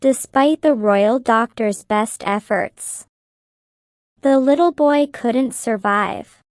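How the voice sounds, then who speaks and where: Slow, clear woman reading a story. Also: fairly high pitch, no echo, clean studio sound. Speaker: narrator. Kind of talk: slow graded-reader story narration.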